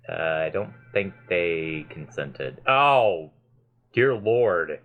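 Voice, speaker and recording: Guy doing lets play commentary, super animated voice that jumps all over, swears a lot, faint game music behind. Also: low voice, very slow. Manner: excitable, gushing, swears casually. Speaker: let's play host.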